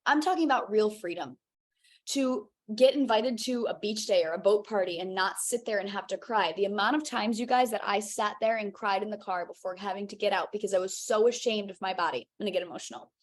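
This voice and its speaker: A woman's voice: medium pitch, a little fast. Upbeat woman coaching a live online class. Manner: energetic, encouraging, casual with frequent "okay?" check-ins. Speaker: health and weight loss coach.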